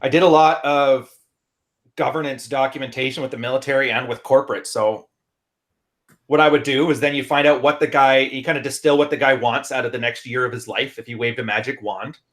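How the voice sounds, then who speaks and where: A man's voice: mid-range voice, fairly even intonation, a bit bright. Laughing Canadian man on a podcast. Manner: laughs often, brisk storytelling. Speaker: podcast co-host and relationship consultant. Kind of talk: casual podcast chat.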